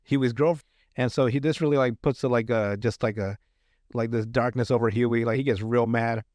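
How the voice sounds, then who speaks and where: A man's voice: medium pitch, fairly even intonation, brisk, darkish tone, no echo. Rambling man recapping a show. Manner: rambling with many fillers and restarts, laughs often. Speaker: podcast host. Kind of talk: casual episode recap.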